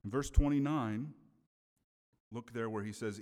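A male preacher delivering a sermon in a relaxed, conversational way, regularly pausing to check in with his listeners. His voice sits at an ordinary male pitch. A long reverb trails each phrase, as in a large hall.

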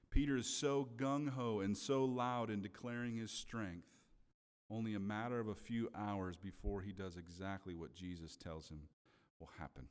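A man's voice: on the low side, steady tone, moderate pace, clean tone. A man preaching a sermon in a conversational way, often checking in with his listeners. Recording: long hall reverb.

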